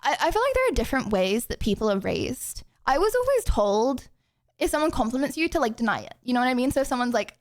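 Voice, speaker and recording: A woman's voice: high voice, sing-song, fast talker. A young woman streamer, chatting casually and rambling through her chat's questions with lots of giggles and filler words. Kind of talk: casual chat answering chat questions.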